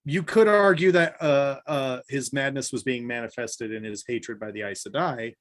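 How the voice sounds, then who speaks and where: A man co-hosting a casual podcast chat, enthusiastic and quick to laugh. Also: medium pitch. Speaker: podcast co-host.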